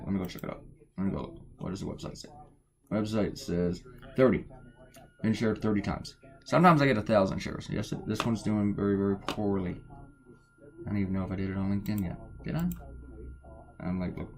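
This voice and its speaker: Man, slightly low voice, meandering self-deprecating chatter while drawing at home, kept quiet. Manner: quiet to avoid waking people. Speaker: cartoonist narrating his drawing. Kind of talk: casual rambling commentary while drawing. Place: at home, drawing early in the morning.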